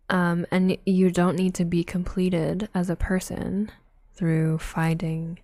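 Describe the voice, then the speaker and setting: Slow soft-spoken woman with gravelly fry. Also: lowish voice, no echo. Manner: slow, soft, drifting into whispers, giggly with chat. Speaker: ASMR streamer doing tarot readings. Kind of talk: soft-spoken ASMR livestream. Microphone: close ASMR mic.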